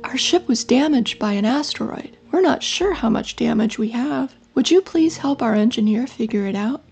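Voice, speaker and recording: A polite young girl speaks for her crew in a storybook space tale, as a woman narrator puts her on. Her voice is lifted a little higher and stays gravelly. She speaks courteously and clearly. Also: expressive, moderate pace, darkish tone. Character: polite eleven-year-old girl navigator.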